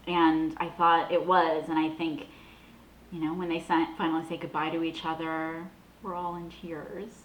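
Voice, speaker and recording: Woman host from the Boston area, young adult, casual chat, chatty and gushing, slightly low voice, echoey room. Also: moderate pace, highs cut off, a little hiss or hum. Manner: chatty, gushing, animated with laughs. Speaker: vlog host.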